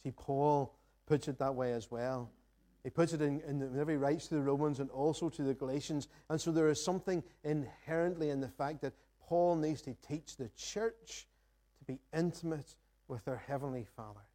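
A man's voice: on the high side, moderate pace, mellow. A man preaching a sermon in church, earnest and reflective, reading scripture and posing questions to the congregation. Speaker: pastor. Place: church sanctuary.

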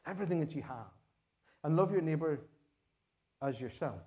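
A man's voice: on the high side, lively intonation, dark tone. Earnest Northern Irish male preacher. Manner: earnest, measured, repeats key phrases for emphasis. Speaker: pastor. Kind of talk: sermon.

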